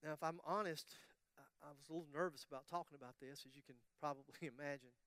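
A man's voice: a little high, fairly even intonation, fast talker, a bit bright, no room sound. A man preaching a sermon, telling a story with humorous asides and acting out the voices of the people in it. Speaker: pastor.

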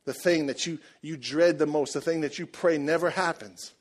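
A man preaching a sermon, telling the story in a lively, joking way and acting out the people in it. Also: a little high, normal speed. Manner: animated, jokey storytelling, acts out voices. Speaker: pastor.

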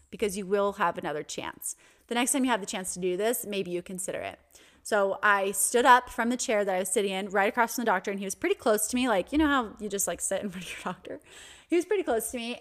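A woman's voice: mid-range voice, a bit bright. A young adult woman hosting a podcast, telling a personal story in an earnest, reflective way with small restarts. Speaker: podcast host.

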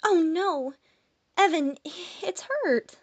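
A bubbly young woman with a high, gushing storybook voice that leaps up in pitch, played by a woman narrator. The sound is close and dry, with no room around it. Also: animated, drawn-out words, no room sound, exaggerated voice. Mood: flustered.

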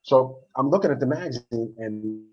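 Husky man in lively sports chat. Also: mid-range voice, moderate pace, highs cut off. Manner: animated storytelling, frequent restarts. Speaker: podcast co-host.

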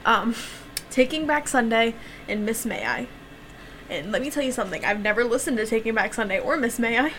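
Young woman, higher pitch, podcast co-host, sarcastic, swears, faint noise. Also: expressive, fairly quick, a bit bright, poor audio. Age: young adult. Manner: chatty, sarcastic, swears freely, laughs often. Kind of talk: casual chat and true crime storytelling.

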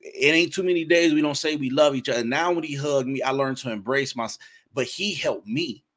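A man's voice: mid-range voice, brisk, fairly bright tone. A man in his forties hosting a faith interview, talking in an earnest, preacherly way and often repeating himself. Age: 40s. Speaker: interview host. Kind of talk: casual interview chat.

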